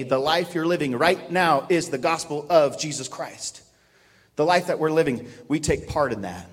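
A man preaching a sermon with a fairly high voice. His delivery swings from calm teaching into loud, shouted bursts of drill cadence. The sound carries a long reverb from the church hall. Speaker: pastor. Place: church sanctuary.

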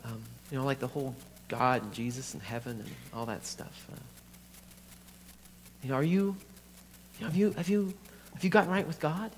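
A man voicing a gentle, worried younger sister who speaks softly and hesitantly with stammers, in an echoey hall with a faint hum. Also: mid-range voice, moderate pace, close to an everyday voice.

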